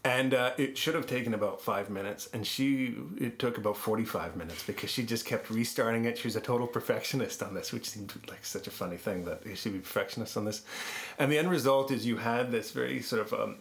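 A man's voice: medium pitch, a little fast. A man, a podcast producer, telling stories in a conversational interview with frequent laughs. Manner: animated anecdotes with frequent laughs.

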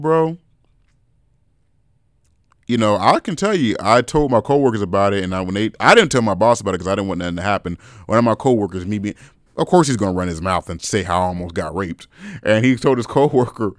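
A man's voice: on the low side, expressive, fairly quick, dry recording, studio quality. A young man hosting a podcast in a casual, frank chat, talking straight to his listeners and calling them bro. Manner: laid-back, frank, calls listeners bro. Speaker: podcast host.

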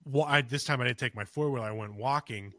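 A man casually telling a personal story, acting out his own quotes with sudden jumps in pitch. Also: fast talker, a bit bright, no room sound. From Pennsylvania.

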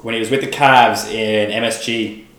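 A man's voice: on the low side, fairly even intonation, normal speed, a bit bright, roomy sound. A man in his twenties from Ireland with an Irish accent, a guest in a casual podcast chat, laid-back and full of "like" fillers and swearing. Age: 20s.

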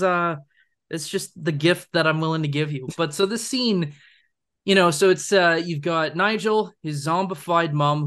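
A young man co-hosts a casual film discussion podcast, rambling enthusiastically with fillers and laughs. His voice is on the high side with a fairly bright tone.

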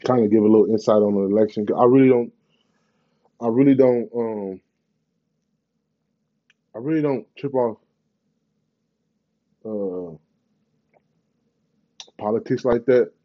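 A man's voice: lowish voice, unhurried, pauses often, dull audio. A man, ranting in a profane, rambling, slang-heavy way in a casual vlog. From Bay Area, California. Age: 30s.

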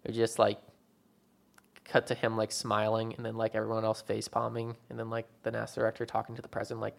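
A man's voice: on the low side, completely flat delivery, fast talker, vocal fry. A young man chatting casually about movies, rambling and filling his talk with "like" and "um". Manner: rambling, filler-heavy, lots of "like". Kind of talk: casual chat.

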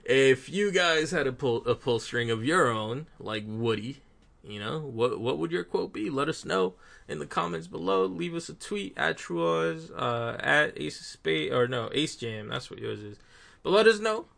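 A man with a gravelly, fry-laced voice that swings widely in pitch, hosting a podcast. He teases his co-host in casual banter and laughs easily. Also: big pitch swings, measured pace, fairly bright tone. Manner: laid-back, teasing, laughs easily.

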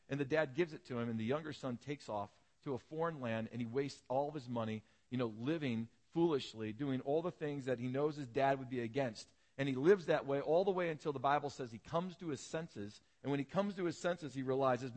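A man's voice: medium pitch, brisk, fairly bright tone. A male pastor preaching a sermon and retelling a parable as a vivid, dramatic storyteller.

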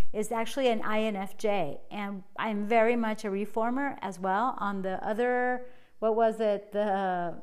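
A woman hosting a solo podcast, talking in a bubbly, energetic way and laughing often. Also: medium pitch, clean tone. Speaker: podcast host and life coach. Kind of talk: casual solo podcast monologue.

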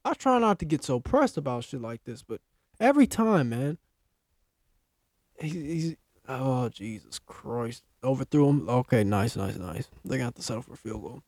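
Young man, sports podcast co-host, heated rant, swearing, lively swooping voice, dry close sound. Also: medium pitch, moderate pace, dry recording. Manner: heated, swearing, ranting about his team. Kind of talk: casual sports chat.

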